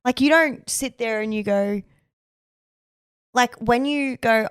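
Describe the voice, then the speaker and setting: A woman's voice: a little high, slow, pauses often, clear, resonant tone, no echo. Chatty woman reading facts aloud. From Australia. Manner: chatty, reads facts aloud, many fillers. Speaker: podcast co-host. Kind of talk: casual chat.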